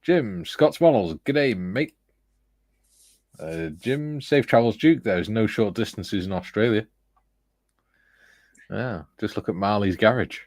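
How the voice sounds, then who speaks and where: A man's voice: fairly low pitch, expressive, a little slow, pauses often, a little mellow, no echo. A man hosting a casual livestream, reading viewer comments aloud with a chuckle. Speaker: livestream host reading chat. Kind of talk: casual chat.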